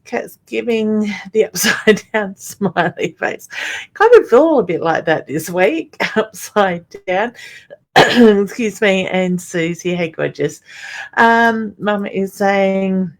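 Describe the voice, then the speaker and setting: A woman's voice: mid-range voice, expressive, slow pace. A woman hosting a psychic medium live stream, feeling tired and under the weather, greeting viewers by name and reading their comments aloud. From Australia. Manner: warm greetings, calls viewers honey and gorgeous, reads comments aloud. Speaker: psychic medium livestream host.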